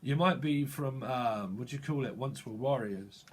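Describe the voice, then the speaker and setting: A man's voice: mid-range voice, moderate pace, a little hiss or hum. A man giving a tarot reading, free-associating through wordplay and chuckling as he goes. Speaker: tarot reader.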